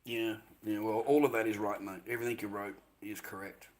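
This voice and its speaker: A man's voice: lowish voice, steady tone, fairly quick. An Australian man ranting crudely to his livestream chat, peppering his talk with mate and swearing.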